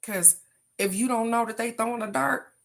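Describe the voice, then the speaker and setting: A woman's voice: a little high, normal speed, vocal fry. A woman hosting a casual live oracle card reading, talking straight to her viewers in an encouraging, motivational way. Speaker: oracle card reader, livestream host.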